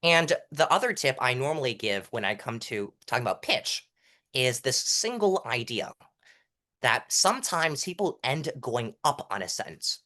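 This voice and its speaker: A young man with a stuffy nose explaining public speaking technique as an interview guest, demonstrating changes in loudness and pitch as he goes. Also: expressive. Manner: self-admitted fast talker. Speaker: interview guest, mock trial coach.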